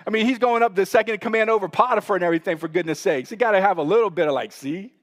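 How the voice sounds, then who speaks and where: Animated, higher-voiced male pastor preaching. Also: rapid-fire. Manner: animated, conversational preaching with rising bursts of emphasis. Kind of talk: sermon.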